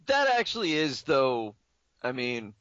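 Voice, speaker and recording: A man's voice: mid-range voice, huge pitch swings, a little slow, fairly bright tone, no echo. A young man co-hosting a podcast in casual, joking chat, who likes to slip into silly voices. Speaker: podcast co-host. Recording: dull lo-fi podcast audio.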